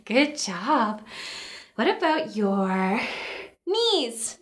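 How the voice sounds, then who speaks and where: A young Canadian woman leads a toddler sing-along class with a high, bouncy voice. She sings and chats in an animated sing-song way, a little out of breath. Her delivery is slow and drawn out. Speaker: children's library class leader. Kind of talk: singing and talking to toddlers and parents.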